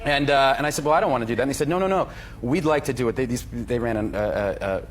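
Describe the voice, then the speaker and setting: A man's voice: mid-range voice, quick pace, slight background noise. A man telling a chatty, self-mocking story on a talk show.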